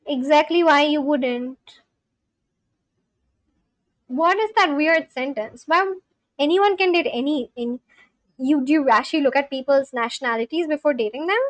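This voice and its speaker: A young woman livestreamer, high-pitched and speaking at a normal speed, pauses often as she chats casually with viewers. Her loose, filler-heavy speech talks back to chat, mixing scolding with reassurance. There's no echo.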